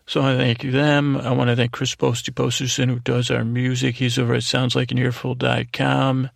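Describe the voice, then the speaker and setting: A man's voice: medium pitch, little pitch movement, normal speed, creaky, no room sound, clean studio sound. A man hosting a podcast, thanking listeners one by one in a loose, rambling way, correcting himself and adding jokey asides. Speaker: podcast host. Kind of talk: casual thank-yous to listeners. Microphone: close studio mic, alone.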